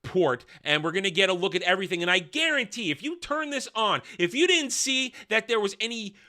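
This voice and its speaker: A man tears into a TV episode in a video review, his delivery heavy with sarcasm and scorn. His voice is bright and forceful, pitched a little higher than most men's. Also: sing-song, a little fast. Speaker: film and TV reviewer.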